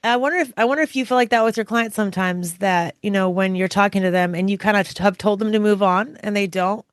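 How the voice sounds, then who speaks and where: A woman co-host with a slightly hoarse, raspy voice, talking in a loose, rambling way with many restarts. She sits at a medium pitch. The sound is dry and close. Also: fast talker, no room sound. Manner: rambling, self-correcting, laughs often. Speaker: podcast co-host. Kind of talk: casual podcast chat.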